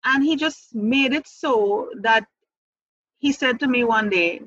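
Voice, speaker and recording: Female interview guest, earnest personal testimony, stop-start delivery, husky edge. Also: fairly high pitch, slow pace, a bit bright, no room sound, lo-fi sound. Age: adult mother. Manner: earnest, repeats words, restarts, laughs lightly.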